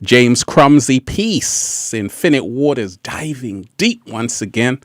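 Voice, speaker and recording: A man's voice: medium pitch, very animated, takes it slowly, hardly any pauses, no room sound, clean studio sound. A man hosting a casual livestream who laughs often and repeats his phrases. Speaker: livestream host.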